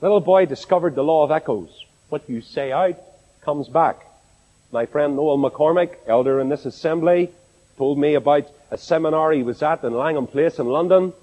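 A Northern Irish man with a mellow, higher-pitched voice preaches at a moderate pace to a congregation. He speaks expressively and poses rhetorical questions, his words echoing through a large assembly hall.

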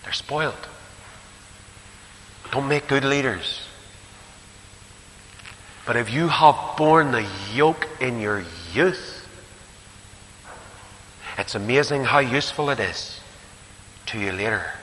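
A man's voice: medium pitch, slow pace, long pauses, a bit bright. An older man with a Northern Irish accent preaching a sermon, telling stories with shifting emphasis. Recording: echoey hall with faint hiss.

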